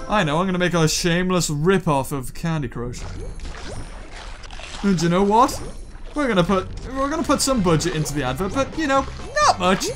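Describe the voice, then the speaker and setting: Animated man rambling over gameplay. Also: high-pitched. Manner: excitable, jokey, chattering to viewers. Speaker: gaming video host. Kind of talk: let's play commentary.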